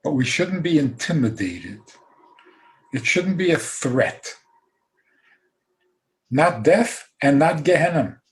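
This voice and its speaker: A man giving a rabbi's talk over a video call, emphatic, with dry humor and soft laughs. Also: fairly high pitch. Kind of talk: talk on a zoom call, answering questions.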